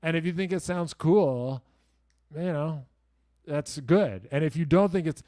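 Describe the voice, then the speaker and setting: Rambling, self-mocking man with a warm voice. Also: a little high, measured pace, dry recording, studio quality. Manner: rambling, self-deprecating, lots of likes and you-knows; blunt, profane asides. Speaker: host answering viewer questions. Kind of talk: casual livestream Q&A.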